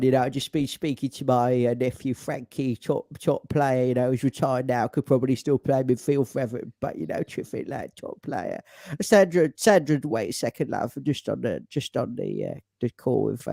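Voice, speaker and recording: A man putting on a chatty older football manager who rambles and keeps repeating the same praise over and over, said at an easy middle pitch on a dry close mic. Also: normal speed, creaky, few pauses, dark tone, no room sound. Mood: chummy.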